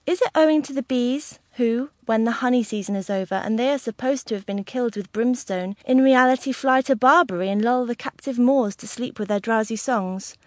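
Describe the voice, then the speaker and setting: A woman doing a leering, eccentric old gentleman. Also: fairly high pitch, brisk, few pauses, no room sound, clean studio sound, lightly acted. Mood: pleading. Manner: pleading, languid.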